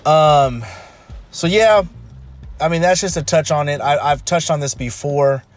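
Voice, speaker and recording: A man in his thirties, voice on the high side and measured in pace, gives a casual, emphatic monologue at home during a rainstorm. He often repeats himself and restarts phrases, with pouring rain and faint music in the background.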